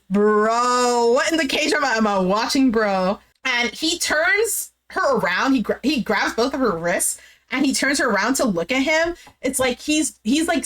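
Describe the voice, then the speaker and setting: A recap vlogger with a high, slightly bright voice casually goes over a reality show. She's chatty and slangy, saying "bro" and "like" a lot, and sounds exasperated and emphatic.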